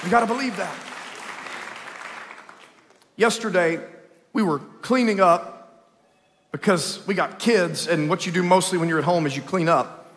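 A man preaching a lively Easter sermon in a church, swinging between loud calls and hushed storytelling. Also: high voice, unhurried, pauses often, some chatter behind, slight background noise. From Texas. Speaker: pastor. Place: church sanctuary, live service. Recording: long church hall reverb.

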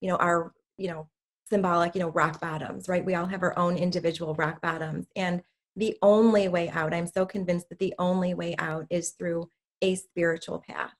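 A woman's voice: on the low side, steady tone, moderate pace. A middle-aged woman hosting a podcast, talking earnestly and repeating words as she builds her point. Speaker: podcast host. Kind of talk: casual interview chat.

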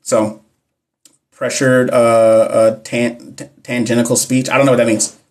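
A man hosting a casual live-stream Q&A as a nurse educator, talking fast and slangy and addressing the chat directly. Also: medium pitch, little pitch movement. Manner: fast-talking, talks fast all the time.

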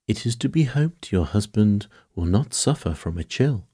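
A man's voice: fairly low pitch, lively intonation, moderate pace, mellow, breathy edge, no room sound, clean studio sound. A man voicing a courteous, fussy elderly detective in a bedtime story reading, speaking formally with mild reproof. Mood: calm. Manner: formal, mildly reproving, polite.

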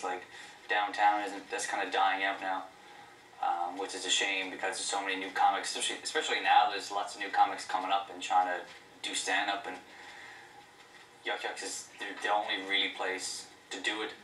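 Deadpan comic, very bright tone, echoey room. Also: male voice, fairly low pitch, distant mic, slight background noise. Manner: dry, deadpan wit. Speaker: stand-up comedian. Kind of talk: stand-up set and interview.

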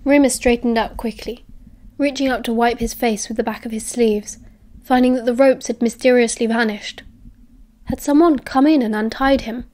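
A woman with a British accent narrating an audiobook in a steady, expressive reading. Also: on the high side. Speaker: audiobook reader.

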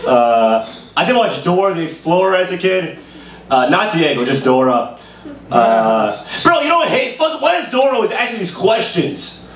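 A man's voice: sits high, sing-song, normal speed, crowd noise. A man who grew up in Brooklyn doing a rambling stand-up set at an open mic, full of "you know". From Brooklyn, New York. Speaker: stand-up comedian. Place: small bar comedy room. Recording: roomy live room, mic heard from a distance, faint hiss.

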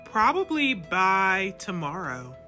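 A woman's voice: medium pitch, sing-song, slow, sharp tone, faint music behind, voice pushed down, heavily acted. A woman voicing a naive, dim male toy contestant in a toy reality-show role-play, earnest and worried.

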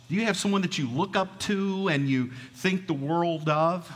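A man's voice: on the high side, expressive, moderate pace, hardly any pauses, a bit bright. A middle-aged man with a Southern US twang, preaching a folksy storytelling sermon and asking the congregation questions. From American South. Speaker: pastor. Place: church sanctuary. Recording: reverberant church hall.

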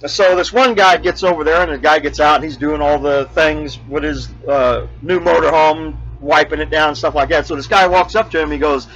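A man's voice: fairly high pitch, fairly quick, fairly bright tone, low-quality recording. A man hosting a homemade RV show, chatting casually and telling a joke, with many fillers and restarts. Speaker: host of an RV show. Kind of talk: casual rambling chat.

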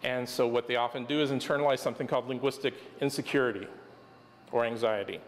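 A man's voice: mid-range voice, fairly even intonation, fast talker. A man, a professor, explaining ideas in a wry, explanatory way during a lecture discussion. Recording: reverberant hall, faint noise.

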